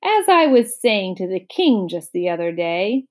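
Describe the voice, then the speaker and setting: A woman's voice: medium pitch, very animated, measured pace. A woman voicing a pompous, boastful old male humbug bug in a storybook read-aloud, blustering and grandiose.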